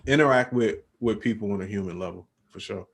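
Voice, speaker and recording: A young man co-hosting a podcast chats casually in laid-back slang, saying "bro" a lot. His gravelly voice is on the low side and a little fast.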